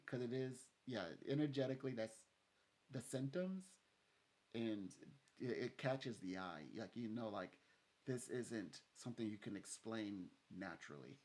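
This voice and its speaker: Guy rambling on in casual chat, pitch bouncing all over, laughs a lot, psychic reader vibe. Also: expressive, normal speed, a little mellow. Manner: rambling, laughs often, acts out quoted speech.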